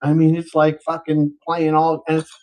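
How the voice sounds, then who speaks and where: A man's voice: on the high side, completely flat delivery, normal speed, mellow, poor audio. Profane older man telling a joke. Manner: profane storyteller acting out voices. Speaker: co-host. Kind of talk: casual chat, telling a long joke.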